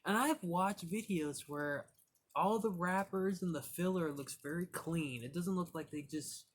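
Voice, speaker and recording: A high-voiced young man from Michigan speaks unhurriedly over a little hiss or hum. In a casual storytelling vlog he reviews cigars and tells loose stories, rambling with lots of "like" and "you know."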